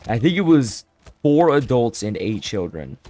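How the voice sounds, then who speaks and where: Young guy, mid-pitched, rambling self-deprecating storyteller who trips over his words. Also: a little slow. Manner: animated, self-deprecating, restarts a lot. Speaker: storyteller vlogger. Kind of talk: casual storytime monologue.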